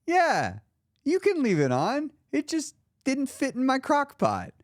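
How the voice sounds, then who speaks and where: A man's voice: extremely high pitch, wildly swooping pitch, takes it slowly, no room sound, studio quality, pitched above the performer's own voice, heavily acted. A man voicing a cheerful, doting old grandmother who affectionately calls people honey. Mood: amused. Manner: fond, laughing, calls listener honey.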